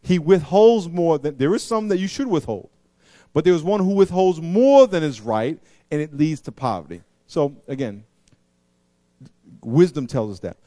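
High-voiced animated male preacher. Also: no room sound, studio quality. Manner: animated, acts out voices in anecdotes; slows down to read scripture. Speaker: pastor. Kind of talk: sermon.

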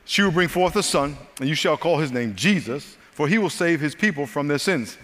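Older male pastor, bright voice, animated sermon storyteller, big echoing hall. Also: fairly high pitch, normal speed.

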